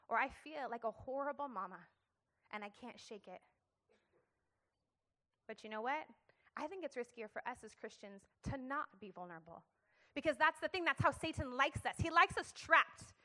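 A woman's voice: high-pitched, pushed and bright. A young adult woman giving a passionate, emphatic sermon-style talk to a church audience, calling for responses. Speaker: speaker sharing her story at church.

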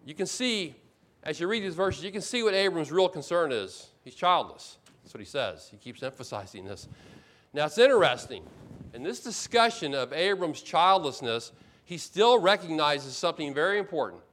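A man's voice: on the high side, very animated, normal speed, fairly bright tone. A man preaching a sermon as pastor, explaining scripture with emphatic repetition and acting out complaints in first person.

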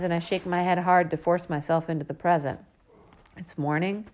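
A woman narrating a first-person children's story in a lively, expressive way. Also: lowish voice, moderate pace. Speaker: audiobook narrator.

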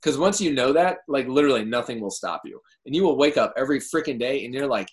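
A man talking as a guest in a casual interview, excitable and quick to swear, with big jumps in pitch when fired up. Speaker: podcast guest, entrepreneur.

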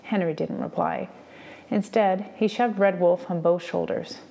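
A woman reads a novel aloud to students, chapter by chapter, in a steady, measured way. Her voice sits low with a gravelly, creaky texture. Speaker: reader.

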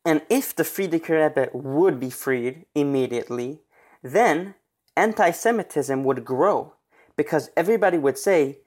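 A man narrating a religious history story in an earnest, steady retelling. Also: on the high side, measured pace.

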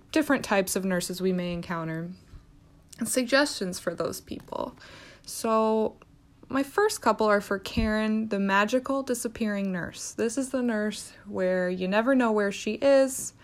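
A young adult woman, a nurse, talking in a casual vlog with a sassy, teasing, direct manner. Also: mid-range voice.

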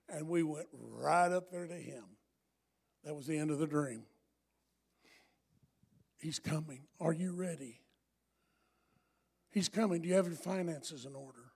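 Middle-aged pastor preaching, high voice, keeps repeating lines, goes quiet then loud. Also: male voice, measured pace, gravelly, long pauses, slightly rough. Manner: emphatic, repetitive, swings from hushed to loud. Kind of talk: sermon.

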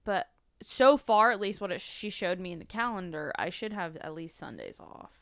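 Bright, teasing young woman. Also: on the low side, expressive, normal speed, dry recording, clean studio sound. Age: young adult. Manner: teasing, sarcastic. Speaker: guest, host's sister. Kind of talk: casual chat.

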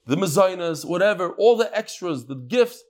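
Animated man teaching Talmud. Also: sits high, normal speed. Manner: mixes Yiddish-Hebrew terms into English, acts out dialogue.

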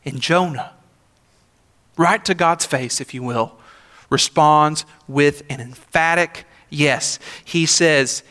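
Male pastor, young adult, fairly high voice, very bright and forceful, chatty emphatic sermon, long church reverb. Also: takes it slowly. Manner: conversational, emphatic preaching with rhetorical asides. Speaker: senior pastor. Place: church sanctuary.

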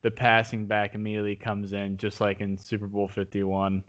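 A man in casual sports talk, telling a game story with excited, rambling restarts. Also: on the low side, moderate pace. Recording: dull lo-fi audio.

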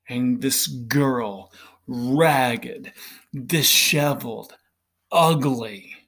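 A middle-aged man delivers a podcast monologue in a slightly raised voice. He speaks slowly and earnestly, with a preachy tone, and often pauses to ask "right?". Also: a little high, fairly bright tone. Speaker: podcast host.

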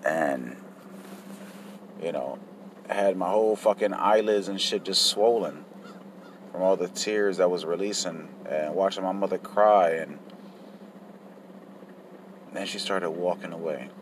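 A man's voice: sits low, measured pace, long pauses, a little hiss or hum. A man telling his childhood story in a casual, profane, reflective way. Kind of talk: personal life story.

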